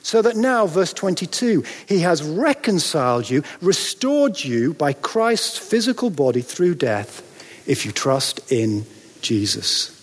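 High-voiced preacher in a reverberant hall. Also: male voice, big pitch swings, breathy edge. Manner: dramatic, rhetorical questions, pauses for effect. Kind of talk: sermon. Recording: long reverb of a large hall.

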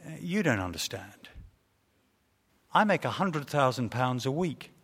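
A man's voice: lively intonation, fairly bright tone. A man voicing a laid-back, smug castaway who speaks coolly and unhurriedly, in a reverberant hall. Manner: cool, unhurried, low-key. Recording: long reverb of a large hall.

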